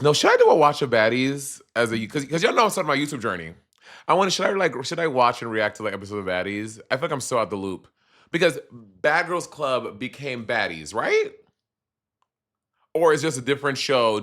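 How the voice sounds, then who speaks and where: A man's voice: mid-range voice, fairly quick. A man with a Caribbean accent chatting sassily to viewers on a casual live stream. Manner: sassy, animated, chatty with viewers.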